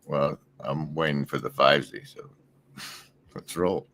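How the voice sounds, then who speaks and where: A man co-hosting a stream in casual chat, explaining things in an animated way. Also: extremely low pitch, slow, vocal fry, slight background noise. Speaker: stream co-host.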